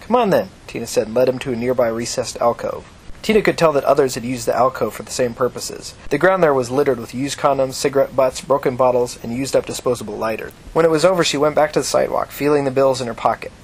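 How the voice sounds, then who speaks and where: A man narrating an audiobook in a steady, measured reading. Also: mid-range voice, breathy edge.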